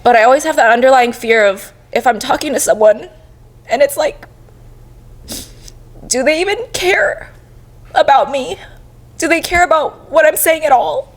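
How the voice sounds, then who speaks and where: A woman's voice: high voice, normal speed, long pauses. A young woman co-hosting a podcast, talking openly and emotionally while crying and laughing through tears. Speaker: podcast co-host. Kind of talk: casual heartfelt chat.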